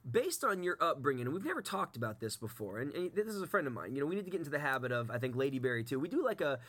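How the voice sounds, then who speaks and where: Quick campy radio host guy, teasing his cohosts, voice sits a bit high. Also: very animated, a bit bright. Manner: fast, playful, campy teasing. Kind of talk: casual radio banter. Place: radio studio.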